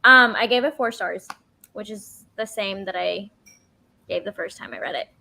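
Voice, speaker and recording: A woman co-hosts a live reading stream over a video call. She sounds relaxed and easygoing, scattering "like" through her sentences and laughing easily as she chats. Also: mid-range voice, normal speed, vocal fry, slight background noise.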